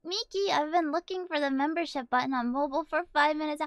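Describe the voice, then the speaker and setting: High, giggly young woman streamer. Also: fast, few pauses, no room sound. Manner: giggly, excitable, reads game lines aloud. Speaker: game streamer. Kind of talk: casual live-stream chat.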